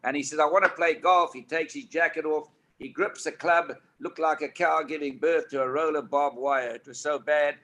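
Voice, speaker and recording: A man in his eighties with a South African accent, telling anecdotes as an interview guest in a lively, animated way. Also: on the high side, moderate pace, few pauses. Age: 80s. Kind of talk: storytelling interview. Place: indoor studio couch.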